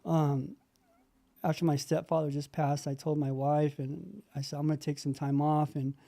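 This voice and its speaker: A man's voice: a little high, flat delivery, moderate pace, gravelly, warm tone. Earnest rambling man on a video call. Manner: earnest, rambling, many fillers and restarts. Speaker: meeting participant sharing. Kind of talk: heartfelt recovery share on a video call.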